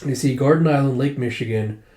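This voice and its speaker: A man's voice: medium pitch, a little fast. Casual man reading through a comic. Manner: casual, retelling with "it's like", excitable. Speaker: comic readthrough host. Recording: roomy echo.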